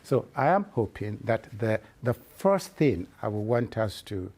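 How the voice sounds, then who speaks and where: Male church leader giving an earnest, unhurried report, with a warm, soft voice. He stumbles and restarts often. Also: on the low side, big pitch swings. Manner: halting, with many repeated restarts. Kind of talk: spoken report to members.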